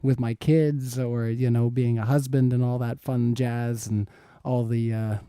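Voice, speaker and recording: A man's voice: medium pitch, flat delivery, unhurried, warm tone, clear, resonant tone, no echo, studio quality. A man in his thirties moderating a live-streamed debate, reading viewer questions in an easygoing, rambling way. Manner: easygoing, rambling, chuckles often.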